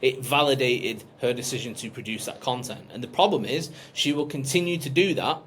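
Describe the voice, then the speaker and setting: Blunt coach, casual and emphatic, mid-pitched voice with light background noise. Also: male voice, fairly bright tone. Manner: blunt, frequent swearing, emphatic. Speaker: business coach.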